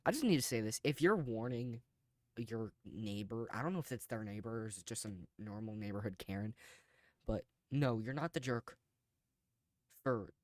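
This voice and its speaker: A man's voice: lowish voice, animated, normal speed, a little mellow, no room sound, clean studio sound. A man hosting a casual reaction video, reading posts aloud and commenting off the cuff with chuckles.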